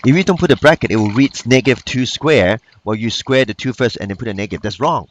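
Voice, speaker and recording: A man's voice: medium pitch, fast, slight background noise. A man teaching math in a recorded lesson. He speaks patiently, repeats each key point, and talks in plain phrasing with loose grammar.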